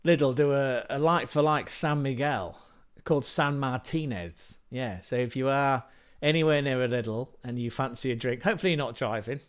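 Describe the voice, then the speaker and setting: A man's voice: mid-range voice, moderate pace. Rambling man on a livestream. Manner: rambling, chatty, joking asides, swears. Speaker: livestream host. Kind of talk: casual livestream chat.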